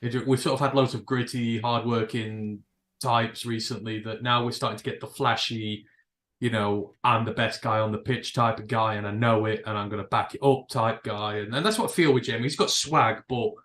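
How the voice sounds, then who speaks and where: A man's voice: medium pitch, fairly even intonation, moderate pace, fairly bright tone, reverberant. An English man co-hosting a casual podcast, rambling and repeating words as he finds his point, joking along. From England. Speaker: podcast co-host.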